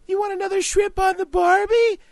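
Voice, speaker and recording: A boisterous, loud-mouthed Australian character, squealing in a very high, gravelly voice. He drags his words out slowly between exclamations. The sound is dry and close. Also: flat delivery, dry recording. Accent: put-on Australian. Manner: shouty, exclaiming, cartoonish. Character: over-the-top excitable Australian man, loud and boastful.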